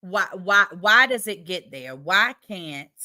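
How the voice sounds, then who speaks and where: Bright-voiced woman hosting a livestream. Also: medium pitch, lively intonation, slow. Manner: chatty, reads viewer comments aloud, playful. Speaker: livestream host. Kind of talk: casual livestream chat.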